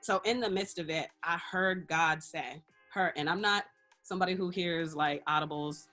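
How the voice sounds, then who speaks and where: A woman's voice: on the low side, normal speed, soft background music. A woman guest in a casual interview, telling a personal story candidly and acting out the lines of people in it, often laughing. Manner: expressive, laughs often, acts out quoted dialogue. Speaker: interview guest, radio personality and life coach.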